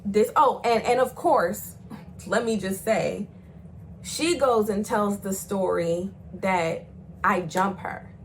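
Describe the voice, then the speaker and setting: A young woman, telling a profane storytime in casual chat and jumping into loud, high acted quotes. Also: takes it slowly, a little hiss or hum, rough recording. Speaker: storyteller vlogger.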